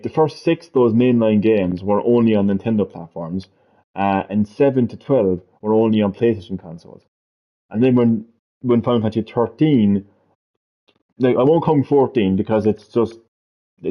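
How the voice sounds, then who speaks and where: A man chatting on a gaming live stream, rambling, swearing freely and repeating himself. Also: fairly low pitch. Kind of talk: casual live-stream chat. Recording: dull lo-fi stream audio.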